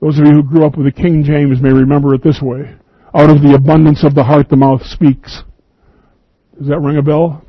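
A man's voice: on the high side, flat delivery, a little fast, no room sound, lo-fi sound. A man preaching an earnest, emphatic radio sermon, reading scripture and quoting at length.

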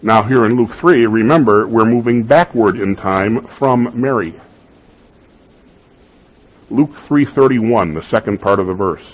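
On dull audio, a pastor with a husky voice on the low side speaks a little slowly. He delivers an expository teaching sermon, emphatically stressing key points and putting rhetorical questions to his congregation.

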